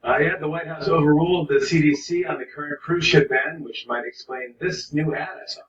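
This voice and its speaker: A man's voice: on the high side, steady tone, fairly bright tone. A man hosting a late-night show, delivering a joking comedy monologue in a TV studio. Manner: joking, quick asides. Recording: dull, distant, roomy audio.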